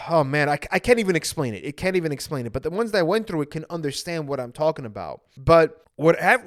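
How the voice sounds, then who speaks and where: A man's voice: on the high side, dry recording, studio quality. A young man, an anxiety coach, earnestly telling his own story to viewers and repeating phrases for emphasis.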